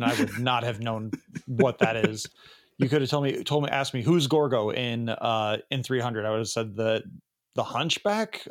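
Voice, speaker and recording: A man co-hosting a podcast, chatting casually and getting animated when he mocks bad film lines. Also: medium pitch. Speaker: podcast co-host. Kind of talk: casual chat.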